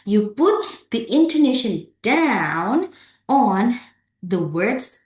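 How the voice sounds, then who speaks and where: A woman's voice: fairly high pitch, animated, very slow, darkish tone. A woman giving a pronunciation lesson as an English lecturer. She repeats example phrases and checks in with "yeah?". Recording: echoey room.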